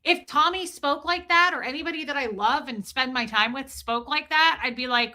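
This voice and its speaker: Bright-voiced chatty woman livestreaming. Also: high-pitched, moderate pace, hardly any pauses. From Nebraska, raised in Kansas City area. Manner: chatty and animated, reading viewer comments aloud. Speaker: livestream host reading chat. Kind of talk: casual live-stream chat.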